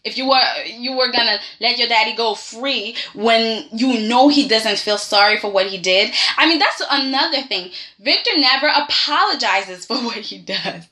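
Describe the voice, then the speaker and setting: Sassy bright-voiced woman vlogger. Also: on the high side, normal speed, few pauses. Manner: animated and sassy, keeps adding "okay?". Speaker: host. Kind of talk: casual vlog review of a soap opera.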